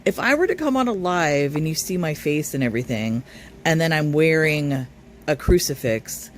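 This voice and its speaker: Male reaction streamer, slightly high voice, reads chat and rebuts it, faint hiss behind. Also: expressive, normal speed. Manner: reads viewer comments aloud, then argues back. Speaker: reaction commentator. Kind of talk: live stream commentary.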